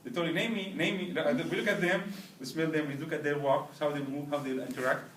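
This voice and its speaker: A man's voice: on the high side, steady tone, quick pace, a bit bright, a little hiss or hum. A man teaching a language class, drilling students to repeat after him and checking with "right?" and "understood?". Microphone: far camera. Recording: roomy, distant classroom recording.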